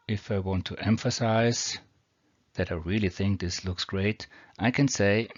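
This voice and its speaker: A low-voiced man with a German accent walks through English grammar rules. He speaks slowly and deliberately and reads each example with care. The recording is dry and dull, as if made on a cheap mic at home. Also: fairly even intonation, no echo. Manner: slow, deliberate, reads example sentences carefully. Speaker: teacher. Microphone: built-in or cheap mic.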